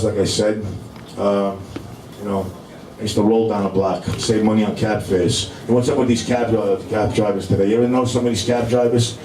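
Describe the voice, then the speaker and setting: A man's voice: lowish voice, distant mic. A middle-aged man with a New York accent doing a rambling stand-up comedy set to a live club audience, peppering everything with "you know". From Brooklyn, New York. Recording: echoey club room with noisy ambience.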